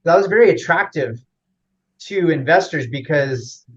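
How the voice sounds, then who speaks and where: A man's voice: a little high, expressive, unhurried. Man explaining with many fillers, dull sound. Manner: rambling, many fillers and restarts. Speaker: interview guest. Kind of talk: casual explanatory interview.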